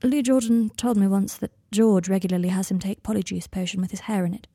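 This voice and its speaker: A woman voicing a tender young man who speaks softly and soothingly to his upset partner. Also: medium pitch, fairly even intonation, brisk, slightly rough, no room sound. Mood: calm reassuring. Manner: soft, hushed and gentle.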